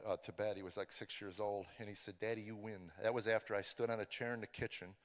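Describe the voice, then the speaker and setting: A middle-aged man, a comedian, telling his life testimony, swinging from hushed confession to loud, animated storytelling. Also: on the low side. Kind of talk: personal testimony speech. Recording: long hall reverb.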